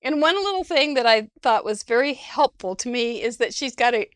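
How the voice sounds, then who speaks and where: Woman host gushing over craft cards, a bit high voice, dry close sound, laughs a lot. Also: lively intonation, normal speed, dry recording. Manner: chatty, enthusiastic, laughs often. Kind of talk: casual chat reviewing viewer crafts.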